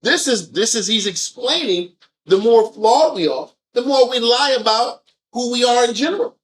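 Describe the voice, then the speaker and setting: Guy leading a bible talk, high voice, keeps throwing out questions. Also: normal speed. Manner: animated, full of rhetorical questions. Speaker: discussion leader. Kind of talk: group scripture discussion.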